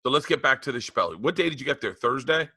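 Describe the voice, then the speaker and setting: Bright, punchy male comedian telling stories. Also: medium pitch, racing, husky, no echo. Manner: animated, profane storyteller who acts out quotes. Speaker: comedian and podcast co-host. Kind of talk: casual chat.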